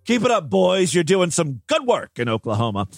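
Brief: high, animated male commentator, sarcastic and profane, faint music underneath. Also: moderate pace, gravelly, no room sound. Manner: sarcastic, profane, mocking asides. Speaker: comedic news commentator. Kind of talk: reading and mocking news stories.

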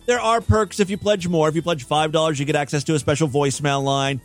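A man's voice: on the high side, fairly even intonation, fast, faint music behind. A man hosting a comedy podcast, reading odd news stories aloud and breaking in with wisecracking, mock-outraged asides. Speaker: podcast host. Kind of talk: comic news commentary.

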